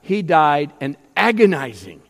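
A male pastor preaching a sermon, swinging between loud emphasis and hushed tones. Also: fairly high pitch, sing-song, measured pace. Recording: long reverb of a church hall.

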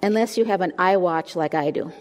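A woman's voice: fairly low pitch, brisk. Older woman preaching in a reverberant hall. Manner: warm, self-deprecating humor with soft laughs. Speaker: women's ministry speaker. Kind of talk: sermon.

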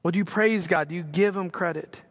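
A middle-aged man preaching a sermon as pastor, earnest and swinging between loud exclamations and quiet reflection. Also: sits high, brisk. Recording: long hall reverb.

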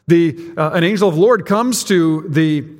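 A man's voice: fairly high pitch, moderate pace, darkish tone, big-room sound. A man preaching a sermon to his congregation in a church, speaking plainly and directly to his listeners. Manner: conversational, direct address to congregation. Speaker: pastor. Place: church sanctuary.

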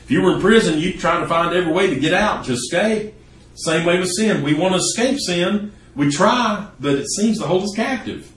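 A man's voice: high-pitched, animated, normal speed, fairly bright tone, roomy sound, recorded from a distance. A man preaching a sermon earnestly, building to emphatic peaks. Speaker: pastor.

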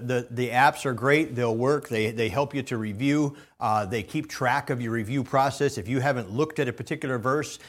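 A man preaching a sermon in a conversational way, with frequent fillers and restarts. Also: mid-range voice.

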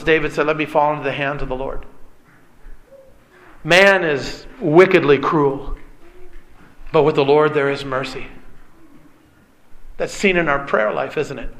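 A man's voice: high-pitched, fairly bright tone. A man preaching a sermon, earnest and emphatic, often calling his listeners beloved. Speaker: pastor.

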